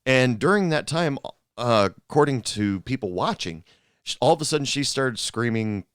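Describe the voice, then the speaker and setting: A man's voice: mid-range voice, moderate pace, clean tone, no room sound, clean studio sound. A man hosting a show and telling bar stories in a rambling, casual monologue full of fillers and restarts. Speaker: podcast host, former bartender.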